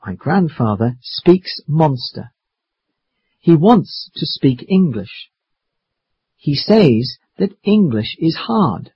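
A reader telling a children's story slowly, bringing in character voices, in a dull, dry recording. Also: medium pitch, sing-song, breathy edge, dry recording.

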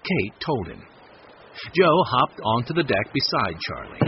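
A man reads a storybook chapter aloud with lively, expressive pitch. The recording is a little dull, with faint background hum. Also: measured pace. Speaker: audiobook narrator. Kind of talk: scripted narration. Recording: slightly muffled audiobook recording.

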